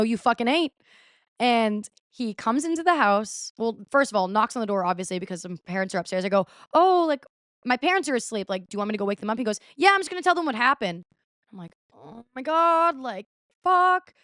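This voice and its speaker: A woman's voice: mid-range voice, fairly bright tone, clean tone, no room sound, clean studio sound. A young woman in her twenties hosting a podcast, telling a story casually with lots of "like" and acting out what people said. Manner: chatty, lots of "like", acts out quoted lines. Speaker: podcast host.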